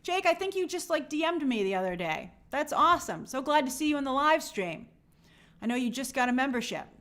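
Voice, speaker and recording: A woman's voice: high voice, sing-song, a little fast, fairly bright tone. A woman hosting a live stream, chatting casually and greeting viewers by name in an upbeat, friendly way.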